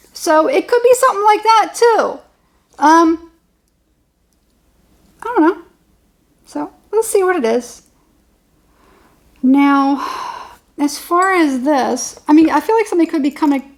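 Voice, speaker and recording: A woman with a high, light voice talks through a tarot reading in a loose, casual way. She rambles and circles back to the same points again and again, often laughing. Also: expressive, moderate pace, creaky, long pauses. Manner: chatty, rambling, repeats herself, laughs often. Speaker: tarot reader.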